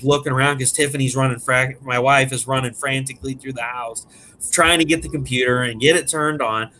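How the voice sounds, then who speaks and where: A man telling a prank story in animated, casual, profane chat as a podcast guest. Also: medium pitch, a little hiss or hum. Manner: animated, profane, laughs at his own story.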